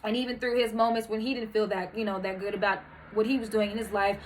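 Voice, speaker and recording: A woman's voice: mid-range voice, flat delivery, fast talker, rough recording. A married mother hosting her own show, speaking candidly and earnestly, with lots of fillers, as she encourages the listener directly. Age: adult, married mother. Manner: earnest and heartfelt, with many fillers. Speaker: podcast host. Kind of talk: candid personal monologue.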